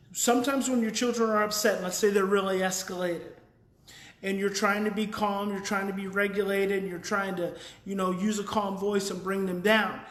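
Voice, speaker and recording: Earnest man explaining in an echoey room. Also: high-pitched. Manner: earnest and explanatory, thinks aloud with restarts. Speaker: parenting educator hosting a daily live talk. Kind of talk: casual live talk reading viewer comments.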